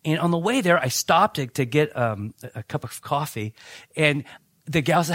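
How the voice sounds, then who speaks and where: A man preaching a relaxed, story-driven sermon in a slightly high voice. He talks like he is chatting with the congregation and often restarts his sentences. The sound is dry and close, with no room echo. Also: moderate pace. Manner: conversational preaching with anecdotes, frequent restarts. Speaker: pastor.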